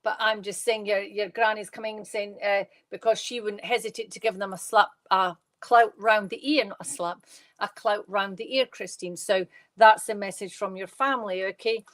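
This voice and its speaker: A Scottish woman giving live psychic readings from her bedroom at home, talking fast and chatty, with rambling restarts. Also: mid-range voice, steady tone, fairly bright tone, no room sound.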